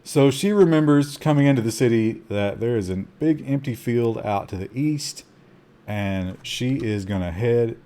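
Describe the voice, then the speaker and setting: Man, game streamer, live commentary, slow delivery, excitable outbursts. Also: fairly low pitch, a little hiss or hum. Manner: excitable, gasping reactions between calm asides; talks to chat. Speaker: streamer playing a survival game.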